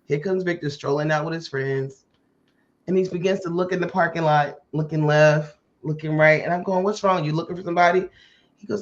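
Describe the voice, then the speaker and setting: A woman hosting a podcast tells a personal story in a relaxed, chatty way. She slips into the voices of the people she quotes and acts out their lines with energy. The recording sounds muffled and lo-fi. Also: sits low, fairly quick. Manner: animated, acts out quoted dialogue. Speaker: podcast host. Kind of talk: casual storytelling chat. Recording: muffled lo-fi audio.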